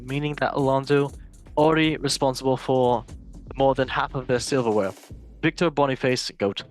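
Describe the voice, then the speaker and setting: A man hosting a casual football news chat, reading headlines with jokey asides and stumbles. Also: mid-range voice. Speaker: show host.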